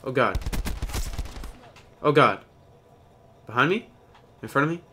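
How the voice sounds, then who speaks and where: A man hosting his own gaming channel, giving live gameplay commentary with an excitable manner, loud outbursts and goofy banter. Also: mid-range voice, slow, a little hiss or hum. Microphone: webcam or desk mic.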